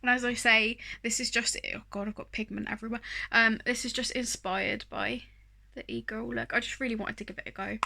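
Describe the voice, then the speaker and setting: A woman's voice: on the high side, fairly quick, gravelly, bright, forceful tone. A woman chatting casually through a makeup tutorial, rambling and self-deprecating, with plenty of fillers. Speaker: beauty vlogger.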